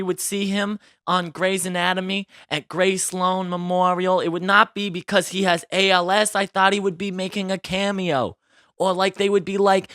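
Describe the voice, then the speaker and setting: A male podcast host with a bright, forceful voice, gossiping casually and expressively. He is close to the mic in a dry, dead room and keeps tossing in little tag questions. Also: sits high, moderate pace, no echo. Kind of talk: casual celebrity gossip chat.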